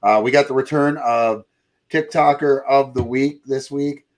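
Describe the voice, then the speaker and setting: A man's voice: medium pitch, steady tone. A man hosting a pop culture podcast, chatting casually with jokes and loose rambling. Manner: joking, rambling, quick to laugh. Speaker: podcast host. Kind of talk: casual chat.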